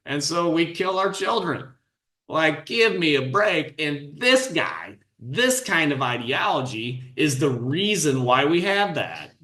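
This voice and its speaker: A man's voice: a little high, very animated, slow, pushed and bright, echoey room. A middle-aged man, a podcast host, giving blunt, scornful commentary on a clip.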